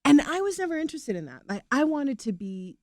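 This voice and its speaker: A middle-aged woman, an actress, talking casually in an interview, animated and rambling, often laughing. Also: high voice, a little fast, no echo, studio quality.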